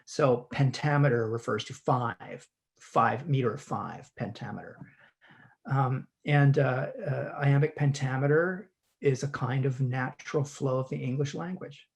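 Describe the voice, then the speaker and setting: Man talking haltingly with many restarts. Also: mid-range voice, gravelly. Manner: halting, frequent restarts and repeated words. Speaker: guest actor. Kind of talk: conversational teaching chat.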